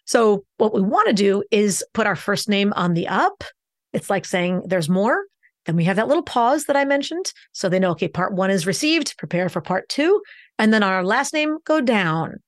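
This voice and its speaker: A woman, a communication coach and podcast guest, explaining her method in an instructive way. She slows down and speeds up to stress her points. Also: mid-range voice, big pitch swings, dry recording, clean studio sound.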